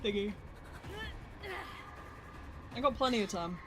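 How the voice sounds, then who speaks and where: A streamer chats loosely over a live game session, rambling and poking fun at themself while answering the chat. The voice sits at a mid pitch, and faint game music plays underneath. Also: takes it slowly. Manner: chatty, rambling, self-deprecating, talking to chat. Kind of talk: casual live gameplay commentary.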